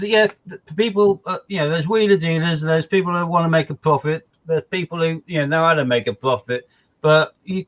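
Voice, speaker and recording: Male co-host on a casual live stream, a touch high-pitched, rambling, talky. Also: a bit bright, poor audio. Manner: chatty, rambling, indignant asides.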